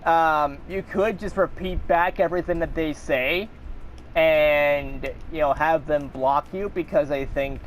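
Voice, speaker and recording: A man rants about online scams, exasperated and swearing freely as he rambles between points. His voice sits a little higher than most men's. A faint hum lingers in the background. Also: fairly even intonation, measured pace. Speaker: channel host. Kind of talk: angry rant.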